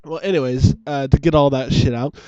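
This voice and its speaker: A man's voice: mid-range voice, steady tone, a little fast, darkish tone, clean tone, lo-fi sound. A man co-hosting a casual webcam chat show, joking and mocking himself, recorded on a cheap desk microphone. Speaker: co-host and editor.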